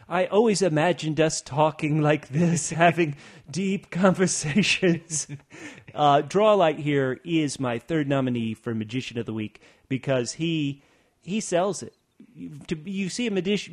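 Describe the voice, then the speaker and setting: A man's voice: fairly high pitch, normal speed, darkish tone. A man co-hosting a casual chat, recapping scenes with relish. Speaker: podcast co-host.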